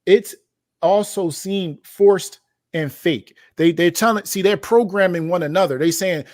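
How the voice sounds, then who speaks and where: A man with a fairly high voice reads quoted passages aloud and breaks in with emphatic rhetorical questions. He speaks as the host of a reaction commentary show. The sound is dry and close, with no room around it. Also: unhurried, a little mellow, no echo. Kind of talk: commentary reading from a document.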